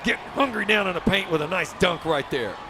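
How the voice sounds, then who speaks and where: A man calls a virtual basketball game with a high, lifted voice. He is excited and keeps punching out the big moments. He sounds like a busy live esports commentator. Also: fairly quick, vocal fry, noisy background. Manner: excited, often shouting. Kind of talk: play-by-play commentary.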